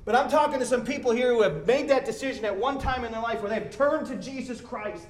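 A man pastor preaching a sermon in a church, conversational and animated, repeating himself as he builds. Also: extremely high pitch, a little fast, echoey room. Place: church sanctuary.

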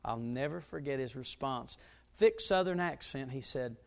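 A middle-aged man, a pastor, preaching a sermon and telling a story, his voice now and then jumping up loud. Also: mid-range voice, normal speed, gravelly. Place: church.

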